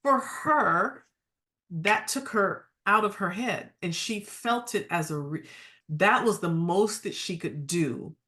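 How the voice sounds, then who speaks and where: A woman hosting an interview, affirming her guest often and telling a personal story in a lively way, quoting people as she goes. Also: mid-range voice, slow pace. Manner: affirming, frequent agreement sounds; storytelling, quotes others with voices. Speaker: podcast host. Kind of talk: casual interview talk.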